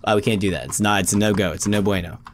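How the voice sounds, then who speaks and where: A man's voice: fairly low pitch, very fast, slight background noise. A man hosting a let's play video, joking around and talking to viewers as friends while he plays. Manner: playful, jokey, often addresses viewers as friends. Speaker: gaming video host.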